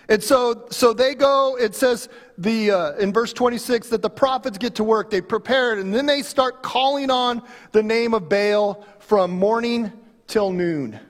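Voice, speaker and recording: A male preacher tells the story with animated, dramatic swings from loud to hushed. His voice sits high for a man, and his pace is slow and deliberate. A long reverb rings around him as if he is in a church hall. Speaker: pastor. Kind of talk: sermon.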